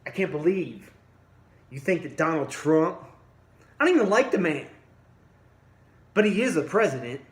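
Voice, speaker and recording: A man rants with blunt, combative anger, talking straight at the people he is scolding. His voice sits a bit high for a man and keeps jumping between quiet grumbling and loud outbursts. The room around him is echoey and hollow. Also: lively intonation, moderate pace, pauses often. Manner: blunt, combative, addresses listeners directly. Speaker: vlogger. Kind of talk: angry ranting monologue.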